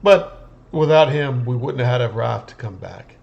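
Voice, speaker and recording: A man's voice: mid-range voice, animated, normal speed, creaky, a little mellow, highs cut off. A man playing in a tabletop game, wry and dry. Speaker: player. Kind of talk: tabletop role-play.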